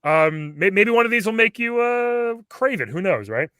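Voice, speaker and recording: A man's voice: high-pitched, sing-song, normal speed, bright, forceful tone, clean tone, no echo, clean studio sound. A man hosting a podcast, interviewing a comedy character in a casual, playful way and laughing along. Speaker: podcast host.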